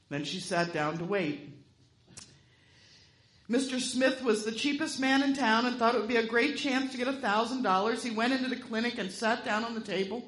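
A woman minister leading a service and telling a joke in a relaxed, deadpan way in a church. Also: on the high side, normal speed. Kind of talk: sermon with a told joke. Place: church sanctuary. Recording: roomy church sanctuary.

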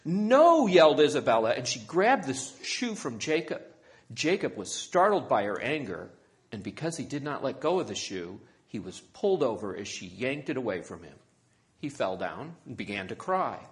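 A man reading a children's story aloud, his pitch moving in a lively way through the sentences. His delivery is expressive and well paced, made for young listeners. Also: moderate pace.

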